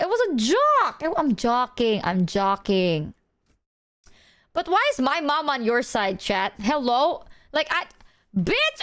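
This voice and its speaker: A young adult woman streamer chatting casually, animated and slangy, swearing and laughing as she talks to her chat. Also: sits high. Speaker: livestreamer.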